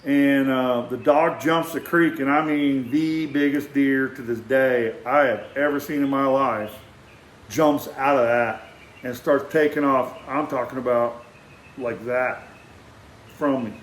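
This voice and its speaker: An older man, telling a rambling personal story in an animated way, acting out sounds and often restarting his sentences. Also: mid-range voice, measured pace, echoey room, a little hiss or hum.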